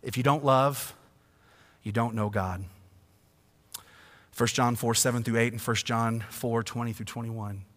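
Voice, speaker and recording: Male pastor, 30s to 40s, mid pitch, emphatic sermon delivery with hushed dips, long reverb of a church hall. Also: steady tone, unhurried, long pauses. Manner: swings from hushed to loud, emphatic.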